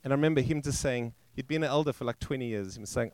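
A male pastor telling a story in a sermon, halting and restarting, and acting out the quoted voices. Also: mid-range voice, smooth, no echo. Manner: halting, with frequent restarts and fillers. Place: church.

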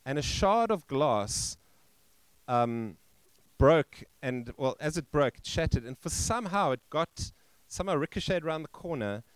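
A male pastor telling a story in a sermon, halting and restarting, and acting out the quoted voices. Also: on the high side, lively intonation, smooth, dry recording. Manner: halting, with frequent restarts and fillers. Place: church.

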